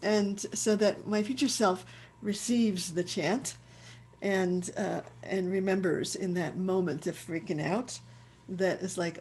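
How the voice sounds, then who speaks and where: A woman's voice: mid-range voice, steady tone, takes it slowly, a little mellow, slightly rough. A woman rabbi giving a reflective spiritual teaching on a video call, searching for words and repeating herself as she thinks aloud. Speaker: rabbi leading a chant session.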